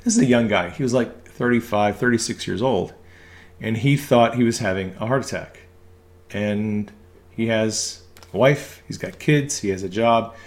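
A man, an ambulance medic, giving a casual religious teaching talk, hesitating with frequent ums and restarts. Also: fairly low pitch. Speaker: ambulance medic speaking on faith.

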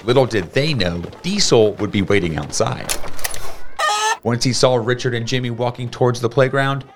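A man's voice: medium pitch, normal speed, background noise. Man reading a children's story aloud. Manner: steady, plain storytelling. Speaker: storybook reader.

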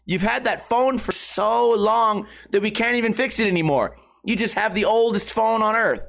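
A man's voice: normal speed, fairly bright tone. A man doing a pushy phone saleswoman. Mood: pushy salesy. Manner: smooth sales pitch, matter-of-fact. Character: pushy upselling female phone-store saleswoman.

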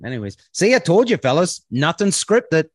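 A man's voice: a little high, big pitch swings, moderate pace, no room sound. A man hosting a podcast, chatting casually in a rambling way, full of fillers and swearing. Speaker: podcast host. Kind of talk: casual chat.

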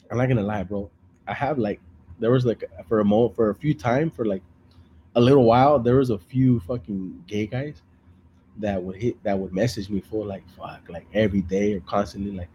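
A man's voice: on the low side, normal speed, mellow, dull audio, slight background noise. A man hosting a live podcast, mixing English and Spanish slang in crude, rambling, laugh-filled stories. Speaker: podcast host. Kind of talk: casual live-stream banter.

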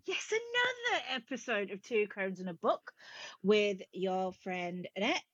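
A woman's voice: medium pitch, sing-song, measured pace, fairly bright tone, husky, no room sound, dull audio. A woman co-hosting a podcast, bubbly and giggly in casual chat. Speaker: podcast co-host.

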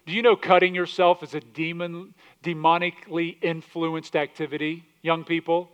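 A pastor with a slightly high male voice delivers a sermon. He reads scripture in its old English wording and keeps putting pointed questions to the people in front of him. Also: flat delivery, moderate pace, clean tone, muffled recording. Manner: preaching with dramatic quoted scripture in old English; direct questions to the congregation.

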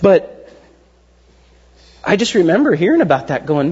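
Lively, high-voiced joking pastor. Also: male voice, normal speed, husky, in a large hall, lo-fi sound. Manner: animated storyteller who acts out quotes with jokes. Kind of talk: casual sermon.

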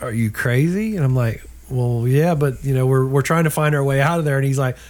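An older man with grandchildren tells a travel story during a casual chat, animatedly acting out the voices of the people involved. His voice is mid-range and he talks fairly quickly.

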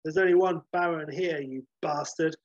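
A man voicing a swaggering male warrior prince, loud and boastful. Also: on the high side, fairly even intonation, normal speed, dull audio, natural voice. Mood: taunting.

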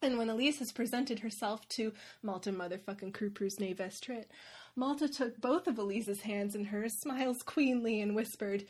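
A woman's voice: fairly high pitch, moderate pace, a little mellow. A woman host giving a wry, irreverent comedic recap of a fantasy novel. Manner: wry, irreverent, laughs often. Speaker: podcast host.

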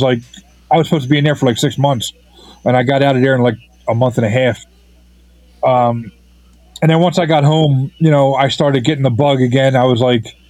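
Brief: man, mid-pitch guest, rambles with fillers and restarts, close dry sound. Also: a little mellow, no room sound, rough recording. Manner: halting, heavy with fillers and restarts. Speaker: filmmaker guest. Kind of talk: casual interview.

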